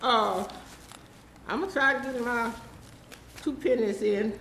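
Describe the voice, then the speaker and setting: A woman's voice: a little high, a little slow, gravelly, a bit bright, reverberant, slight background noise, rough recording. Elderly woman, rambling and pleading. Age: 80s. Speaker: public commenter at city council. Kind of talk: public comment speech. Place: city council chamber.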